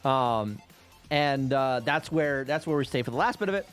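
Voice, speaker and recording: A man's voice: mid-range voice, animated, normal speed, fairly bright tone, clear, resonant tone, faint music behind. A man livestreaming, casually telling rambling travel stories to his viewers with plenty of swearing. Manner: profane, rambling travel storytelling. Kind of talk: casual chat with stream viewers.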